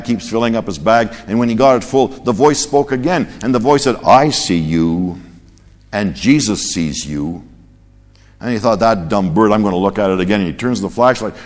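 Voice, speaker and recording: A man from North America teaching a Bible lesson in a sermon style, joking and laughing at his own stories, sometimes stumbling over repeated words. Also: on the low side. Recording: long hall reverb.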